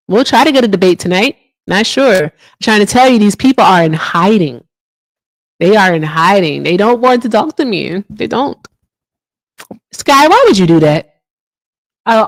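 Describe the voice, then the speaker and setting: A woman hosts a casual political livestream, talking loosely to her viewers at an everyday medium pitch. She reads their comments aloud and often jumps into high, teasing tones. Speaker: livestream host.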